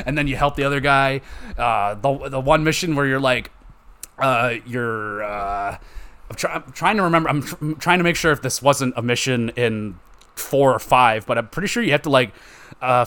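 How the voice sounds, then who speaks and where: A young adult man hosting a solo gaming podcast, talking in an excitable, profane, rambling way. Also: medium pitch, clear, resonant tone. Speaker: podcast host. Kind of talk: casual solo podcast chat.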